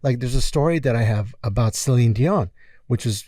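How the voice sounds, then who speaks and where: Mellow-voiced man telling animated stories. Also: mid-range voice, normal speed, dry recording. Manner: animated storyteller acting out quotes, many fillers. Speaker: music producer guest. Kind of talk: casual storytelling interview.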